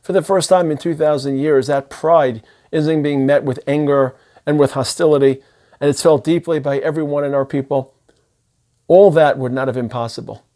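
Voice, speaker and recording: A man's voice: on the high side, fairly even intonation, normal speed, warm tone. A man, a rabbi who lives in Israel, giving an impassioned holiday sermon that builds through long spoken lists. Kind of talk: sermon-style speech.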